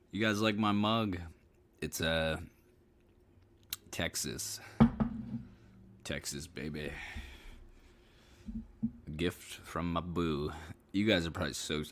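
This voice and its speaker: Man, very low voice, tired, casual solo podcast, rambling, offhand swearing. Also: a bit bright. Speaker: podcast host.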